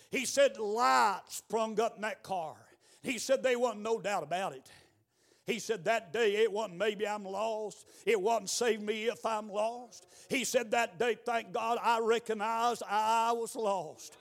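A man preaching a revival sermon in a church, moving between quiet storytelling and shouted exhortation. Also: extremely high pitch, creaky. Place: church building.

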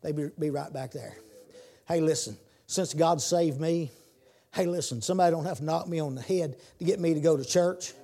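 A man preaching a sermon, repeating his words and building to shouted calls. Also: fairly high pitch, moderate pace.

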